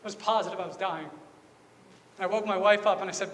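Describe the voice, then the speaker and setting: A high, bright-voiced male pastor delivering an earnest, confessional sermon. His words ring out with a long church-hall reverb over a faint hum of ambience. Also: steady tone, quick pace. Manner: earnest, confessional storytelling with repeated phrases. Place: church sanctuary.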